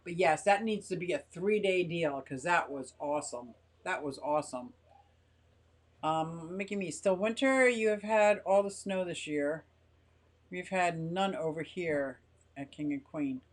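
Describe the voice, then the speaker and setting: A woman's voice: on the low side, measured pace. Chatty older woman hosting a live stream. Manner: rambling, chatty, reads viewer comments aloud. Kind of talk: casual live-stream chat. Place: home garage.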